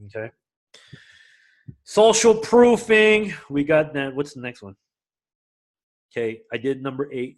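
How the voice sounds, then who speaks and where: A man teaching a live class to a room of people, energetic and often checking that everyone is following. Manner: energetic, swings loud and high when excited; asks the room for agreement. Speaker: class instructor.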